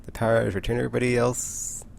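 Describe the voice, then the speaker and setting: A man's voice: medium pitch, flat delivery, fast, vocal fry, darkish tone, a little hiss or hum. A man casually recapping a comic book, rambling with lots of "like" and frequent self-corrections.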